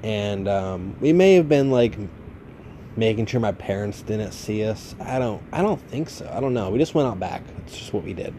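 Laid-back low-voiced man rambling. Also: lively intonation, normal speed, warm tone, a little hiss or hum. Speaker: podcast host. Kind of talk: casual storytelling monologue.

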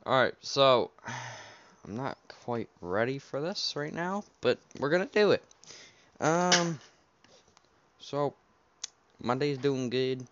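Slow-talking young man rambling on a lo-fi mic. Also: medium pitch, animated, fairly bright tone. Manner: unsure, rambling, many fillers. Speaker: podcast host. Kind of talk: casual rambling chat. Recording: dull lo-fi home recording, faint keyboard noise.

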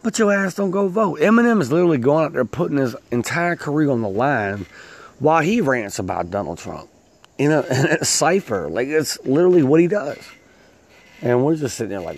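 A man's voice: a little high, fairly quick. A man hosting his own show, delivering a profane, laughing rant. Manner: loud, swearing, laughing, animated ranting. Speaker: host.

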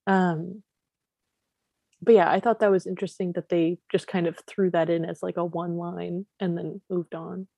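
A woman's voice: fairly low pitch, level tone, normal speed, gravelly, mellow, dry recording. A young woman co-hosting a casual chat, thinking aloud with hesitant restarts. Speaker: podcast co-host.

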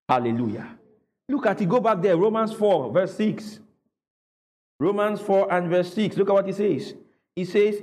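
A man's voice: high voice, animated, moderate pace, long reverb tail. A man preaching a sermon in church, calling on the congregation to repeat after him and read aloud. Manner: call-and-response preaching, asks the congregation to repeat. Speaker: pastor.

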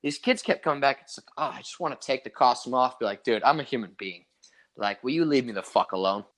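A young man co-hosting a podcast speaks quickly at medium pitch, sounding animated and fairly bright. His long storytelling chat is rambling, profane and easygoing, and he voices the quotes dramatically.

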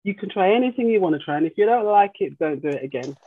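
This fast-talking woman has a medium-pitched, expressive voice and comes through a tinny, phone-like line. A middle-aged grandmother and life coach, she shares family stories in casual podcast chat, laughing readily and imitating relatives.

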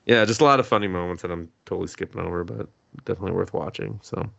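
A man's voice: low-pitched, racing, vocal fry, fairly bright tone, no echo, highs cut off. A man co-hosting a podcast, recapping an anime plot in a rambling, laughing, casual way with some swearing. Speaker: podcast co-host. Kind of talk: casual anime review chat.

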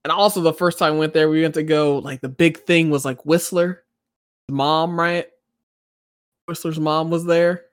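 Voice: medium pitch, normal speed, dry recording, clean studio sound. A co-host in a casual chat, telling stories with animation and breaking into squealing impressions of other people. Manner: animated storyteller who mimics others with squeals.

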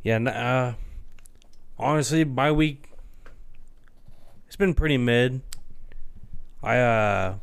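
A man's voice: mid-range voice, slow, gravelly, long pauses, clean tone. A young man co-hosting a podcast in casual chat, laid-back and slangy, with lots of "like". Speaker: podcast co-host.

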